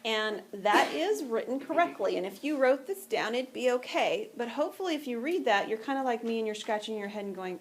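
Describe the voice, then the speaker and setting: A woman's voice: on the high side, lively intonation, a little fast, hardly any pauses, slight background noise. A woman teaching math to a class, talking patiently and conversationally and often checking that students follow. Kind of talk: classroom lecture.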